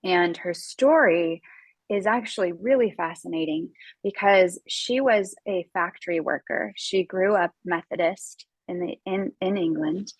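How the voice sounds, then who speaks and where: A woman's voice: on the low side, unhurried, breathy edge, no room sound, rough recording. Earnest chatty American woman, dry sound. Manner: earnest, talkative, many fillers and restarts. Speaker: podcast guest, medium. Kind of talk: casual conversation.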